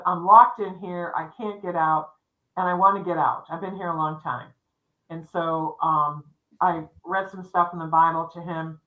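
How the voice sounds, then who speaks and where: A woman's voice: lowish voice, phone-quality sound. A middle-aged woman telling a spooky personal story on a livestream, rambling with restarts and acting out what people said. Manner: rambling, with restarts and quoted dialogue. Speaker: psychic storyteller co-hosting a livestream. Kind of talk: casual spoken storytelling.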